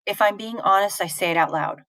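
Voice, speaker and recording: A woman's voice: medium pitch, brisk, fairly bright tone, dry recording, low-quality recording. A woman teacher giving a live online poetry lesson, answering chat questions in a patient, informal way with fillers and restarts.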